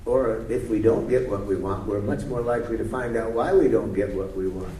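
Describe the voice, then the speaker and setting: A man's voice: fairly low pitch, steady tone, moderate pace, mellow. A man leading a communication workshop, teaching through role-play and playful storytelling. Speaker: workshop leader. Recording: roomy hall, distant mic, faint hiss.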